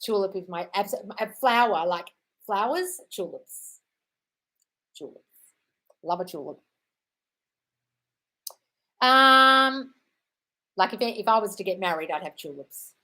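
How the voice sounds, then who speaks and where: A woman's voice: medium pitch, lively intonation, takes it slowly, pauses often, bright, forceful tone. A woman hosting a live stream, reading viewer comments aloud and answering them bluntly, often calling people darling. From United Kingdom. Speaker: livestream host answering viewer questions.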